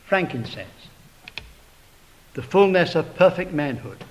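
Slow, dramatic male preacher. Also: on the high side, lively intonation, poor audio. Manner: slow, dramatic delivery rising to loud emphatic peaks, then dropping to hushed tones; addresses listeners as brethren, beloved brother. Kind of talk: sermon.

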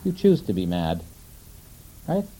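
A man preaching a sermon in a conversational way, asking his listeners questions and slowing down to quote scripture. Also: sits low, wildly swooping pitch, mellow, breathy edge, poor audio. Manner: conversational, asks the audience questions.

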